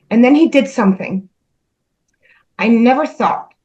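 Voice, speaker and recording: A woman earnestly recounting a spiritual experience, halting and repeating herself, emotional as she goes. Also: fairly high pitch, a little mellow, highs cut off. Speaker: spiritual channel host. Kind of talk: personal spiritual storytelling.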